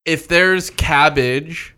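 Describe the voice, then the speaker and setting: Guy with a bright edgy voice, a bit high, swearing and riffing in a casual podcast chat. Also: very slow, smooth. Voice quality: profane, animated.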